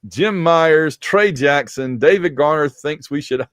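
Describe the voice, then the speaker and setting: A man's voice: a little high, measured pace, a bit bright, clear, resonant tone, no echo, studio quality. A man co-hosting a casual podcast and reading supporter names, joking and teasing, his voice getting worn. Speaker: podcast co-host.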